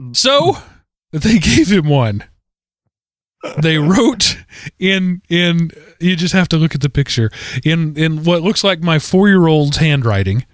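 Bu uzakta değil, kuru bir odada konuşan canlı, hareketli erkek sesi. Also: male voice, fairly high pitch, slow, no room sound, clean studio sound. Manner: animated, self-correcting storyteller. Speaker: podcast co-host. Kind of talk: casual chat about odd news stories.

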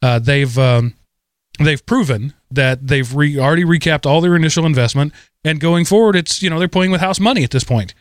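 A man chatting casually about tech, explaining points at a measured pace with some uh fillers. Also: fairly high pitch, no echo, studio quality. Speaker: podcast co-host.

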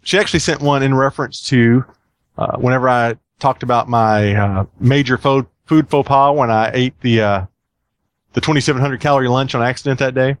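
A man's voice: mid-range voice, fairly quick, clear, resonant tone, dry recording. A man hosting a casual podcast, rambling and chatty with plenty of fillers. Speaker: podcast host.

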